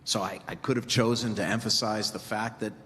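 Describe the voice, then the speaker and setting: A man's voice: fairly low pitch, steady tone, brisk, bright, forceful tone, a little hiss or hum. A man giving a sermon as a rabbi, in a conversational, joking storytelling way, in a temple sanctuary. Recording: reverberant hall, faint ambience.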